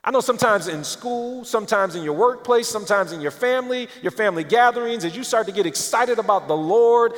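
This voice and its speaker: A man preaching a sermon as pastor, dramatic, swinging between loud emphasis and hushed near-whispers, in a church auditorium. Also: high-pitched. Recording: long hall reverb.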